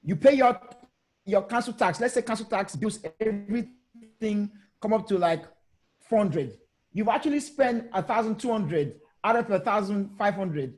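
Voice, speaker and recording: A man's voice: high-pitched, animated, normal speed. A man arguing his point on a video panel discussion, emphatic and direct, often repeating phrases and challenging listeners. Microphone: video call.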